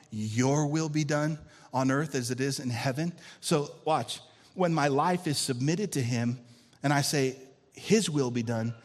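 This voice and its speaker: In a church sanctuary, a male pastor with a slightly high voice preaches a sermon to his congregation in a large hall. He moves between loud, emphatic lines and quiet, intense ones, calling out for amens.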